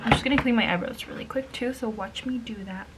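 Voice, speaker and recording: A woman's voice: a little high, fast, slight background noise. A young woman telling a story in a casual, chatty way while doing her makeup, swearing freely and slipping in Spanish phrases. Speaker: beauty vlogger.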